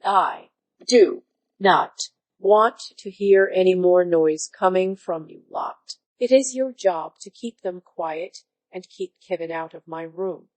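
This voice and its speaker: A synthetic woman's voice reading the part of a bossy, entitled aunt in an even, unacted way, with dry close sound. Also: lowish voice, slow pace, dry recording, low-quality recording. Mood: demanding. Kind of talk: scripted story reading.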